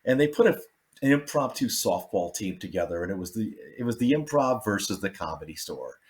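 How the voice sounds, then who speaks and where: An older man, a comedian, telling stories in a casual chat and acting out the people he quotes. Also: fairly quick. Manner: animated, acts out quotes with big jumps in pitch. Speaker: comedian guest.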